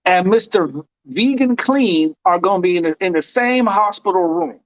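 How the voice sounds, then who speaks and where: A man's voice: high voice, animated, moderate pace, no room sound, rough recording. A man co-hosting a casual podcast with an American accent, playful and prone to stumbling over and repeating his words. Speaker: podcast co-host. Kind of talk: casual chat.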